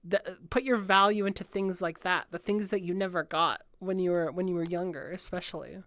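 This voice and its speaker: A woman's voice: fairly low pitch, fairly even intonation, brisk, fairly bright tone, no echo, studio quality. A woman streamer giving a casual improvised breakdown of an album, rambling with lots of filler words and free swearing.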